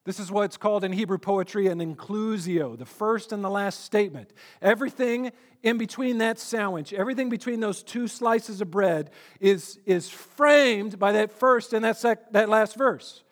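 A man's voice: high-pitched, moderate pace. A male pastor preaching a sermon, earnest and emphatic, often repeating words as he builds a point.

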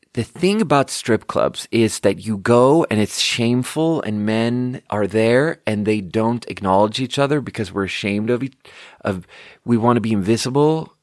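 A young man with a lowish voice hosts a podcast, recorded at studio quality with no echo. In a casual storytelling monologue, he rambles self-deprecatingly, full of fillers and restarts.

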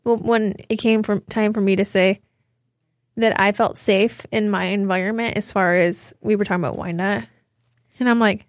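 A woman's voice: mid-range voice, steady tone, moderate pace, no echo. Woman on a podcast telling a story, plays out the quotes, dry mic. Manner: storytelling, acting out quoted exchanges. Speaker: podcast co-host. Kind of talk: casual chat.

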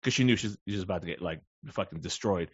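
A man co-hosting a podcast in casual chat, animated and swearing freely. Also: sits low, quick pace, breathy edge, no room sound, muffled recording. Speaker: podcast co-host.

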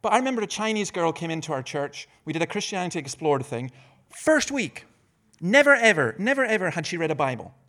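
A man's voice: on the high side, fairly quick. A middle-aged man giving a conference talk on evangelism, telling stories with humorous asides and often restarting phrases. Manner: lively storytelling with humorous asides; repeats words while restarting phrases. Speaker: preacher and evangelist.

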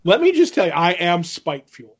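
A man co-hosting a podcast, casually telling stories in an animated way and quoting himself as he goes. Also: high voice, fast talker, breathy edge. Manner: animated storyteller, quotes himself. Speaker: podcast co-host. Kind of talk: casual chat, telling an anecdote. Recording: dull lo-fi sound.

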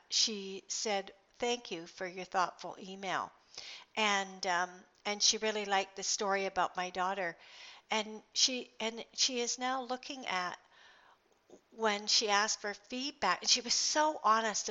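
A woman's voice: mid-range voice, sharp tone, highs cut off. A middle-aged woman hosting a motivational podcast, telling a personal story earnestly, with restarts and fillers. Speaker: podcast host.

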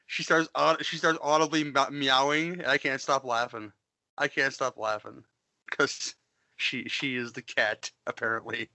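A man's voice: mid-range voice, pushed and bright, no room sound. A man casually chatting on a podcast, rambling, joking and swearing as he reviews a film, often restarting his sentences. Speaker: podcast co-host. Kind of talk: casual movie-review chat.

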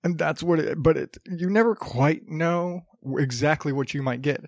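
A man's voice: on the high side, moderate pace, no room sound, clean studio sound. A man hosting his own podcast, rambling casually with lots of fillers, restarts and swearing. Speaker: podcast host. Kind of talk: casual solo podcast chat.

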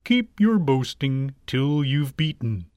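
A man voicing a calm, unhurried male tortoise in a storybook reading. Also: mid-range voice, clear, resonant tone, no room sound, studio quality. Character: slow steady patient male tortoise.

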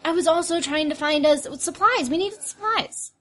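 A woman's voice: very high voice, normal speed, a little hiss or hum, pitched above the performer's own voice. A woman playing a young female thinker in a tabletop game who dodges fights and talks defensively. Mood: eager. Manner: defensive, then eager. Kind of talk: in-character tabletop role-play.

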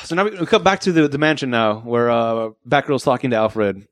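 A man's voice: medium pitch, fairly quick, no room sound. A man co-hosting a podcast, casually recapping a bad movie and acting out quotes in playful voices. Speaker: podcast co-host. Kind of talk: casual movie review chat.

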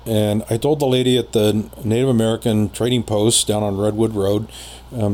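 A man telling a personal story in casual conversation as a podcast guest, rambling with many pauses and fillers. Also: fairly low pitch, little pitch movement, a little mellow.

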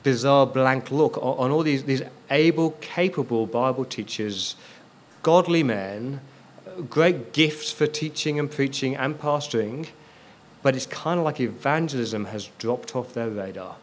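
A man's voice: mid-range voice, a little slow, slight background noise. A man preaching a sermon as a pastor, stressing key words and repeating them for emphasis.

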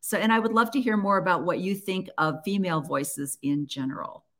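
A woman's voice: lowish voice, fairly quick, fairly bright tone. A woman hosting her own podcast, talking to listeners in an earnest, encouraging way and often restarting her sentences. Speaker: podcast host. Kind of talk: casual solo podcast talk.

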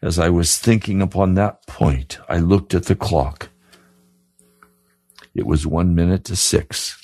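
A man's voice: low voice, measured pace, darkish tone, no room sound. A man preaching a radio sermon, earnest and pleading, repeating his questions to the listener. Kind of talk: sermon broadcast.

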